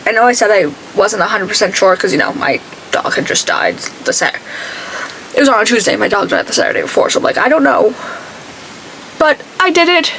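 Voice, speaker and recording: A woman's voice: medium pitch, very animated, fairly quick, a bit bright, slight background noise, low-quality recording. A woman beauty vlogger chatting casually while she does her makeup, telling stories and acting out what other people said. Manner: chatty storytelling, acts out quoted people.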